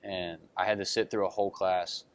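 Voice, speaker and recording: A man's voice: low-pitched, level tone, fairly quick, a little hiss or hum. A young man answering interview questions about being recruited, telling his story earnestly with lots of fillers and retold quotes. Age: young adult. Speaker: college basketball recruit.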